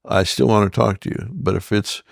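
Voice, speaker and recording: An older man, a pastor and interview guest, talking in a gentle, thoughtful way with frequent restarts. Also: fairly low pitch, moderate pace, vocal fry, dry recording, clean studio sound. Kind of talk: relaxed conversational interview.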